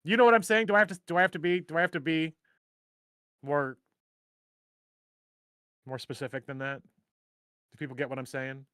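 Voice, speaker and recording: A middle-aged man hosts a casual live stream in a slightly high voice. He rambles, jokes at his own expense and circles back on his thoughts. The sound is dry and close. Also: fairly even intonation, moderate pace, pauses often, a bit bright, smooth, dry recording. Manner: rambling, joking, self-deprecating. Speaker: host.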